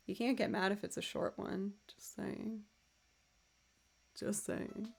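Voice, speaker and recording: A young woman musician chatting casually with her livestream viewers, upbeat and quick to laugh, her voice a little scratchy. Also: medium pitch, flat delivery, gravelly, slightly rough.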